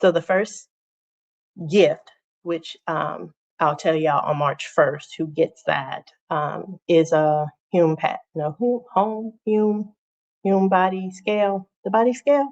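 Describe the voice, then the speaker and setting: A woman with a low, gravelly voice hosts a casual livestream from home. She chats loosely and directly with her viewers. The audio is dull and lo-fi. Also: slow pace. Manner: chatty, talks straight to viewers as "y'all". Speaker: channel host. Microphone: phone or webcam on a livestream.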